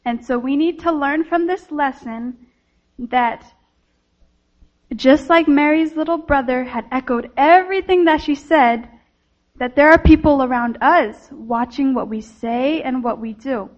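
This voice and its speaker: In a slightly dull, lo-fi recording, a woman delivers a children's sermon, addressing the kids directly. Her high voice is gentle and storytelling in tone, and she speaks unhurriedly.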